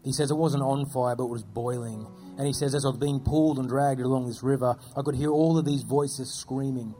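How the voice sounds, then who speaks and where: Earnest man telling stories, mellow voice. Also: medium pitch, fairly even intonation, brisk, soft background music. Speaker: guest speaking about persecuted churches. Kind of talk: storytelling testimony.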